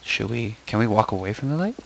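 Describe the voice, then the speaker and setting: Young guy rambling through a game, goofy and giddy, kinda gravelly voice. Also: lowish voice, animated, quick pace, dull audio. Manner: playful, giddy, sings and mutters to himself. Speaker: gaming video host. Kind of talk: casual gameplay commentary.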